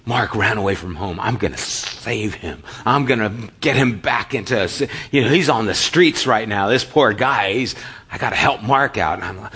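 A middle-aged male pastor with a mid-range, fairly bright voice preaches a sermon built around storytelling. He tells the stories animatedly, acting out the dialogue.

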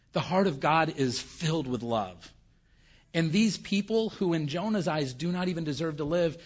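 A man's voice: on the high side, slightly rough. A male pastor giving a conversational sermon who keeps asking the audience questions, on a dull recording.

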